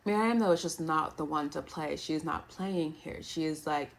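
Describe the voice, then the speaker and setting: A woman recapping a reality show in a casual, animated, playful way. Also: sits low, moderate pace, creaky. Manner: animated, playful, quotes others in put-on voices.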